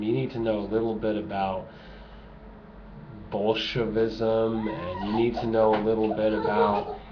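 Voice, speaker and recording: A man delivering a sarcastic, emphatic ranting monologue to camera, repeating his points for effect. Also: on the low side. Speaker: video blogger. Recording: dull lo-fi home recording with noise.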